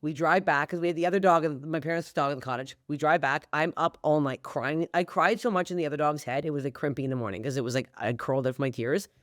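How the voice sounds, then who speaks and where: A woman from Canada, a comedian guest on a podcast, telling stories in an animated, profane way. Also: low voice, quick pace, few pauses, dry recording, studio quality. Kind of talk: casual podcast chat.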